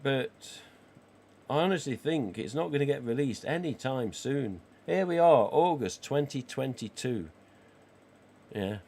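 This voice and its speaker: A man, croaky today, hosting a live stream and chatting cheekily with viewers. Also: mid-range voice, expressive, measured pace, a little mellow. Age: 40s. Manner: chatty and cheeky, with casual swearing. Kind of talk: casual livestream chat reading viewer comments.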